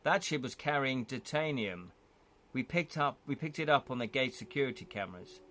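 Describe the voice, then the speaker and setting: A guarded, weary businesswoman, cool and measured, spoken low and quietly by a man reading the lines aloud. She keeps her words short and even, as if holding something back. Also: a little hiss or hum, lightly acted.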